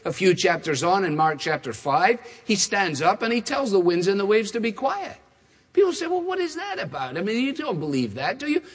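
A male preacher with a fairly high voice delivers a sermon with emphatic, rhetorical drive, building lists of repeated phrases and slipping in quick asides. The sound rings with the long reverb of a large church hall. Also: husky.

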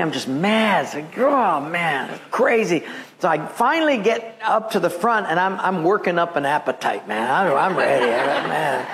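Man, pastor, high voice, sermon, animated storytelling, acts out voices.

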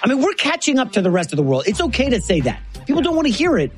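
A sports talk co-host who chats with an easy, animated manner and sets up each topic. The pitch stays in the middle but swings widely. A faint music bed plays behind. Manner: chatty, animated, quick to laugh.

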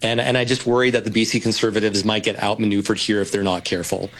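A man appearing as a guest commentator on talk radio, talking in a measured, analytical way. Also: lowish voice, little pitch movement, fairly bright tone, rough recording.

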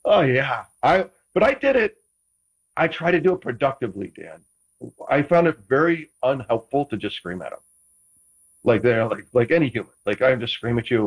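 A man with a husky, slightly breathy voice talks as a guest on a chat show. He rambles and restarts his sentences often, and he teases the host in a playful way. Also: medium pitch, sing-song, moderate pace, rough recording. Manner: rambling, self-interrupting, playfully teasing. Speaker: guest, former quarterback. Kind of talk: casual chat.

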